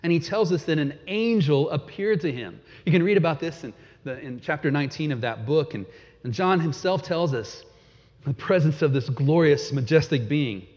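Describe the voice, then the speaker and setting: A man preaching a sermon, dramatic, swinging from loud emphasis to a hush. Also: a little high, expressive, moderate pace. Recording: dull, long hall reverb.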